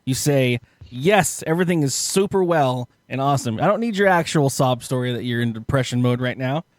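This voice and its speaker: A man's voice: medium pitch, expressive, a little fast, no room sound, clean studio sound. A male podcast host chatting casually, teasing his guest and laughing often. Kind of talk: casual chat.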